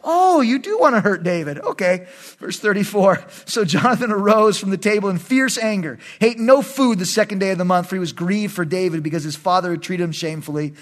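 A man's voice: high voice, a little fast, hardly any pauses. A man pastor reading scripture dramatically and teaching, with joking asides. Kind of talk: Bible study teaching.

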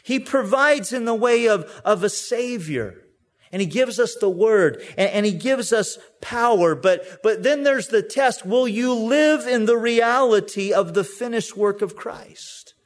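Pastor, male, 30s: high voice, unhurried sermon delivery, light humor, family anecdotes. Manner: humorous, storytelling, reads scripture slowly.

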